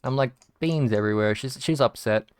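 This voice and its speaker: Rambling Australian young man, crisp dry voice. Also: mid-range voice, a little fast, no echo. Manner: rambling, swears freely, frequent restarts and "like". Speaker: video game streamer. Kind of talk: casual storytelling while gaming.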